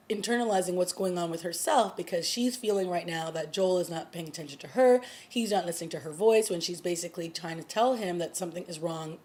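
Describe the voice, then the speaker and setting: A woman's voice: medium pitch, a little mellow. A woman vlogger giving a casual, chatty recap of a TV episode, full of fillers as she retells the plot. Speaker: TV review vlogger.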